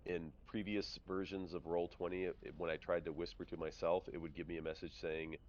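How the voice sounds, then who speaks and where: Deep-voiced man running a tabletop game. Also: brisk, dull audio, slight background noise. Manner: relaxed, chatty, reads room descriptions aloud. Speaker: game master. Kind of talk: narrating a tabletop game online.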